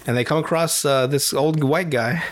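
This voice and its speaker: A man hosting a podcast, retelling a cartoon plot in casual, profane chat full of quick impressions. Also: a little high. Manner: animated, profane storyteller with voices and laughs. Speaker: podcast host.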